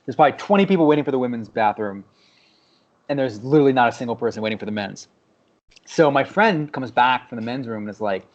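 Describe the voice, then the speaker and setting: A man's voice: mid-range voice, animated, fast. A man co-hosting a podcast, telling a story in casual chat, swearing and laughing as he goes. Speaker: podcast co-host. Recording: dull lo-fi podcast audio.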